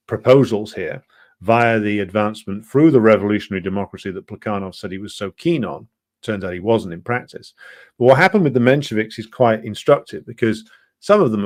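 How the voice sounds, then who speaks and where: A man presenting a political history programme, talking it through unscripted in an earnest, lecturing way, halting often with ums and restarts. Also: fairly low pitch, no room sound, studio quality. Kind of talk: unscripted explanatory talk.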